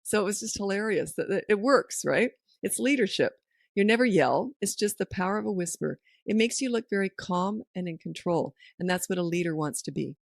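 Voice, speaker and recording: A woman's voice: mid-range voice, animated, fairly quick, creaky, dry recording, clean studio sound. A middle-aged woman hosting a parenting podcast, giving down-to-earth advice and telling stories that act out what people said. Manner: anecdotal, down-to-earth, acts out quoted lines. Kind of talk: casual advice chat.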